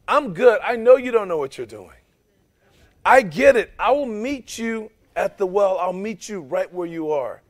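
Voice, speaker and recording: A man's voice: high-pitched, lively intonation, unhurried, no room sound. A man playing God, speaking in an upbeat, encouraging tone. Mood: reassuring. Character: reassuring, confident divine voice.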